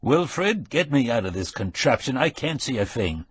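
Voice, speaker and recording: A gruff, irritable middle-aged man snaps and grumbles indignantly, voiced by a man reading an audiobook. The voice is husky and recorded close and dry. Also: medium pitch, very animated, normal speed, no echo. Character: grumpy middle-aged man forced to play Santa.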